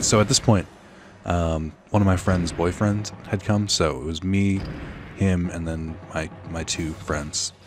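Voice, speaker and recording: Rambling, sardonic young man, deep voice. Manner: rambling, sardonic, many fillers and "like"s. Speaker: let's play host. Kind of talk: casual storytelling while gaming.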